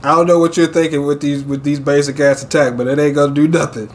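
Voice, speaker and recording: A man hosting a manga chapter reaction, reading panels aloud with excitable, profane commentary and frequent laughter. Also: fairly high pitch, fast.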